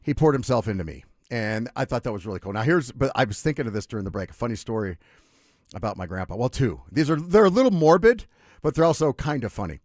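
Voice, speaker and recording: A man's voice: mid-range voice, fast, no room sound. A man hosting a sports radio show, telling stories casually and animatedly with lots of asides, on a studio microphone. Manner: animated storyteller, lively with asides. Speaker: radio sports talk host.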